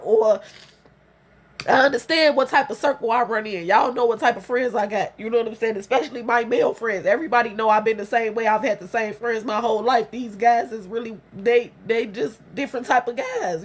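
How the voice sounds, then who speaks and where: A young adult woman vlogger vents in a raw, emotional monologue, speaking blunt and profane in a high, slightly rough register. She keeps circling back to repeat her points.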